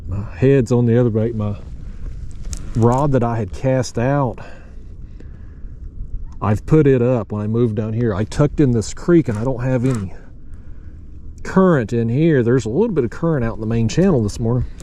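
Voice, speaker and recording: A man's voice: mid-range voice, moderate pace, long pauses, mellow, a little hiss or hum. A man casually narrating to camera while fishing from a kayak on a river, drawling and folksy, calling his viewers y'all and buddy. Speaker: fishing vlogger.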